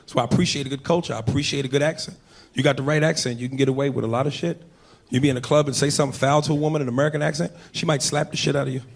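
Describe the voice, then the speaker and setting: A man's voice: medium pitch, fairly even intonation, very fast, creaky. A male stand-up comedian performing profane, conversational stand-up comedy in a noisy live room.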